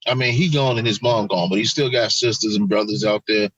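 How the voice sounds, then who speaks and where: A man co-hosting a casual podcast chat, talking in an animated, profane way and acting out quotes. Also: lowish voice, a little fast, slightly rough, dry recording, lo-fi sound. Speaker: podcast co-host.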